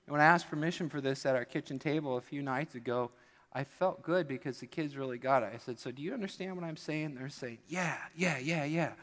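A man preaches in a church with a mid-range voice, telling a lighthearted story as a sermon illustration and slipping into quick impressions of the people in it. His voice rings out with the long reverb of a large hall. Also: medium pitch, a bit bright. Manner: humorous storytelling with acted-out voices. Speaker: pastor. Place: church sanctuary.

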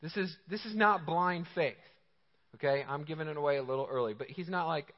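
A man preaching a sermon with energetic, emphatic, conversational delivery. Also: a little high, brisk. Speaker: pastor. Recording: reverberant hall, slightly dull sound.

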